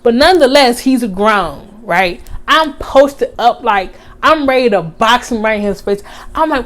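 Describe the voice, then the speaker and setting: High-voiced young woman telling a storytime. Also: moderate pace. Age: young adult. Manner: animated, slangy, reenacts quotes loudly. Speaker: vlogger. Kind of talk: casual storytime.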